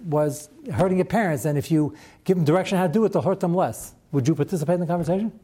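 A man's voice: fairly high pitch, fast, mellow. Man teaching a conversational Torah class. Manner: conversational, rhetorical questions and wry asides.

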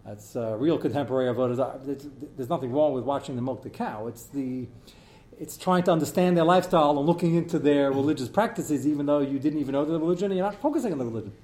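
A man's voice: mid-range voice, quick pace, darkish tone. A man as a rabbi giving an informal talk to his congregation, telling anecdotes in a conversational way and taking questions. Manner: storytelling, conversational, takes audience questions. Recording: roomy echo.

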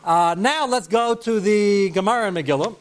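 Man, slightly high voice, rabbi at a Torah class; digressive, joking, peppers in Hebrew terms. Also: moderate pace, a little hiss or hum.

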